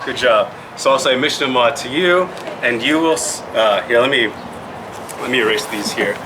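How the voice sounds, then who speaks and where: A man from the Yakima Valley teaches a group in a middle-pitched voice. He asks questions patiently and spells out words letter by letter. A steady air-conditioning hum runs behind him throughout. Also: moderate pace. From Yakima Valley, Washington. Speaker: language presenter. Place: indoor room at a public museum event.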